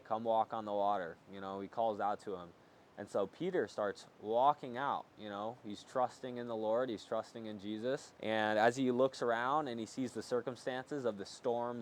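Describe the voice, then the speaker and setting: This is a man speaking earnestly to his viewers in a mid-pitched voice. He talks in a loose, conversational way with plenty of "like" fillers. A faint low hum sits behind him. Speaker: faith vlogger. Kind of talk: personal testimony to camera.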